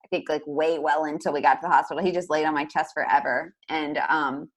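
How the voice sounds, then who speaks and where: A young woman recounts a personal story on a podcast in a casual, rambling way. Her voice sits a little low, and she rushes along, stringing thoughts together with constant fillers. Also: fairly even intonation. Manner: fast, chatty, lots of "like". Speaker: podcast guest.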